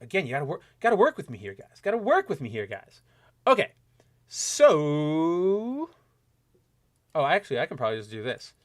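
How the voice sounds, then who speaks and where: A young man hosting a casual solo podcast, delivering an animated, opinionated rant from his home setup. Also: medium pitch, very fast, no echo, studio quality. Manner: animated ranting, mocking quoted voices. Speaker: podcast host.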